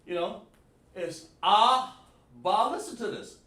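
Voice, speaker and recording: Guy teaching a live class at a whiteboard, kinda high voice, sounds far off in an echoey room, calls on students and sounds out syllables. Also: slow, sharp tone. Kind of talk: live online class lecture.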